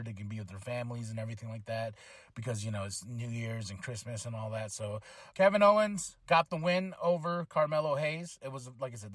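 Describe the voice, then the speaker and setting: A man hosting a solo podcast, recapping a wrestling show in a casual, excitable way and acting out quotes with lots of fillers. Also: medium pitch, dry recording, clean studio sound. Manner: excitable, chatty, acts out quotes. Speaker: podcast host.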